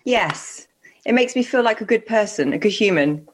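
A woman's voice: mid-range voice, expressive, normal speed. A woman co-hosting a podcast in casual chat, playful and scatterbrained, often giggling. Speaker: podcast co-host.

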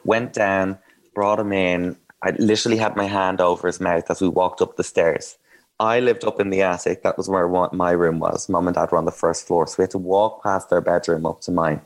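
A man's voice: low-pitched, steady tone, fairly quick. A man telling candid, self-mocking stories in a casual chat, with plenty of ums and asides. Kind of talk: casual anecdotal storytelling.

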